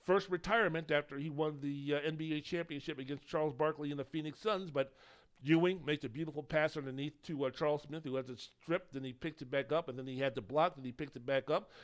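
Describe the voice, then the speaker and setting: A man's voice: on the high side, steady tone, fast talker. Opinionated man hosting a sports podcast. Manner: rambling, opinionated, swears casually. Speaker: podcast host. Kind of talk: solo sports podcast commentary.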